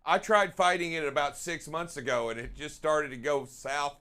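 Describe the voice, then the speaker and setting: A man's voice: a little high, steady tone, moderate pace, sharp tone. A middle-aged man and father of a bride, chatting casually as co-host and often laughing. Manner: laughs often, rambles with restarts. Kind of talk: casual chat.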